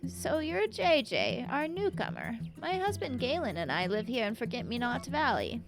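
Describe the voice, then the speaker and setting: A woman's voice: a little high, sing-song, moderate pace, music in the background, voice pushed up. A woman voicing an elderly wife in a farming game, in a raised, quavery old-woman voice. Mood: sweet. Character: sweet elderly wife villager.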